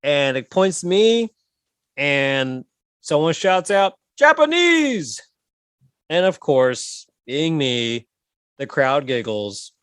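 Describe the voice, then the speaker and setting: A man in his thirties co-hosting a comedy podcast, telling animated stories and swearing freely. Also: mid-range voice, takes it slowly, clean tone, no room sound. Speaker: podcast co-host. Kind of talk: casual comedic chat.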